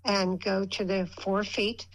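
An older woman speaking as a guest on a radio show, with a mid-pitched voice. She rambles through her story casually. She acts out the lines people said along the way. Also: little pitch movement, slow pace, low-quality recording.

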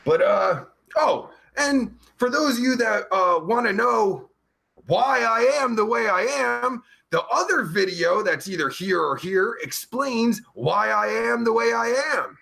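A crude, foul-mouthed pervert character, put on by a man hosts a rambling comedy stream. His voice sits high and swoops all over, sharp and bright on top. Underneath it's gravelly and raspy. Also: lively intonation, measured pace, heavily acted. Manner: crude, rambling, swears constantly. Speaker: host. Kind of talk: comedic live stream chat.

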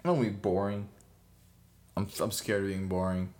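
A man's voice: sits low, fairly even intonation, brisk, darkish tone. A young man chatting casually as a podcast co-host, rambling with lots of fillers and frequent laughs. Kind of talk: casual chat.

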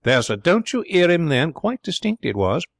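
A man's voice: fairly high pitch, sing-song, normal speed, dry recording, pitched above the performer's own voice. A man voicing a respectful, unflappable manservant who speaks politely and deferentially.

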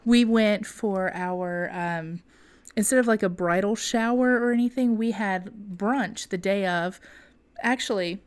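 Woman, young adult, podcast co-host, casual storytelling, animated, laughs often, mid-pitched. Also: a little slow, smooth.

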